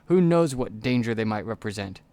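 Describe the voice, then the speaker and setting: A man's voice: lowish voice, expressive, normal speed, warm tone. A man voicing an indignant young male peasant inventor in a game, raging and indignant.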